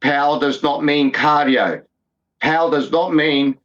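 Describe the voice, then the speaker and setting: A man's voice: a little high, a little slow, a bit bright. Emphatic man in his fifties, lo-fi sound. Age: 50s. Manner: emphatic, repetitive, swears freely. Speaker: podcast co-host. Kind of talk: casual sports banter. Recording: dull lo-fi sound.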